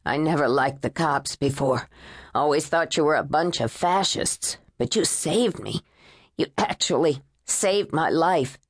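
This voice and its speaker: A woman's voice: sits low, unhurried, no echo, studio quality. A woman voicing a terrified captive man. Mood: shaken. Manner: pleading, shaky and desperate. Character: frightened man held captive, panicked. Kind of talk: audiobook character voice.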